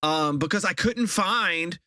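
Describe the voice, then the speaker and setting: Bright-voiced ranting male streamer. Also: high-pitched, slow, dry recording. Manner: ranting, exasperated, repeats himself. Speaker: game streamer. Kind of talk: casual live-stream chat.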